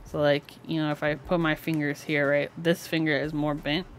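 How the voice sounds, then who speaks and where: A woman's voice: low voice, level tone, normal speed, a little hiss or hum. A young woman streaming from home as she builds a keyboard, chatting casually with frequent giggles and lots of "like". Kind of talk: casual live-stream chat.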